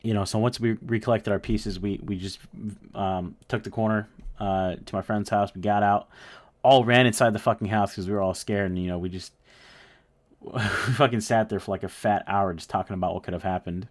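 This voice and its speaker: A man's voice: fairly low pitch, steady tone, normal speed. A young man casually telling a story, rambling and swearing with lots of fillers. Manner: rambling, profane, full of fillers.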